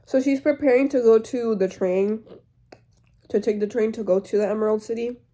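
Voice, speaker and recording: Chatty teen girl, mellow voice. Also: a little high, normal speed. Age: teens. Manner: rambling, filler-heavy, chatty. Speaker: vlogger. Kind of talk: casual storytime retelling.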